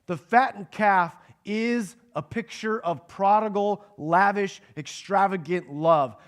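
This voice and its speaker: A man preaching a sermon to a congregation in a conversational way, asking them questions and acting out the lines of the people in the passage. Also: fairly high pitch. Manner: acts out the characters' quoted lines. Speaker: pastor teaching a Bible passage.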